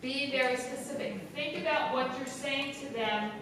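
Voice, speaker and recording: A woman teacher giving a brisk, instructive classroom lesson, tending to talk fast, recorded from far off in a large echoey room. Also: high voice. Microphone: camera far from the speaker. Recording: echoey hall audio from far off, background noise.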